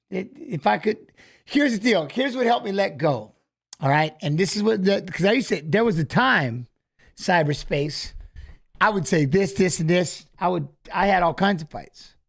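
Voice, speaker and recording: A middle-aged man with a high, light voice chats casually as a co-host during a live fight watch-along. He tells stories animatedly and often repeats his phrases. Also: vocal fry.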